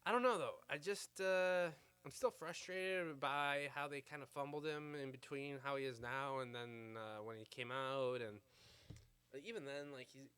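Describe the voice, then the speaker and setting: This thirties-aged vlogger has a smooth, slightly bright voice of medium pitch and talks at a moderate pace. Ranting offhandedly to camera, he wanders from point to point, curses a lot and leans on fillers like "uh" and "like."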